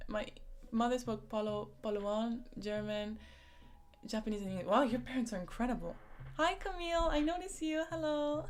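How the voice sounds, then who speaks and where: On a live stream she hosts casually, a young woman with a fairly high, darkish voice replies to viewer comments. Her talk is giggly and chatty, with plenty of "like" and "um."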